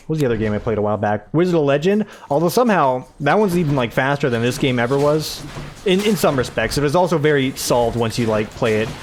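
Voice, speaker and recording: A man talks his way through a game run in a casual, rambling commentary style. He drifts into chatty asides and pokes fun at himself, with faint music underneath. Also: mid-range voice. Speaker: gaming video host. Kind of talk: casual let's-play commentary.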